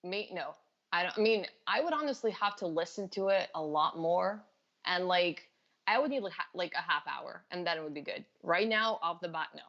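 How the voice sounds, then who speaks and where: A woman in her twenties, a native Serbian speaker, chatting as a guest in a relaxed, matter-of-fact way. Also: lowish voice, normal speed. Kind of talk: casual chat. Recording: dull lo-fi audio.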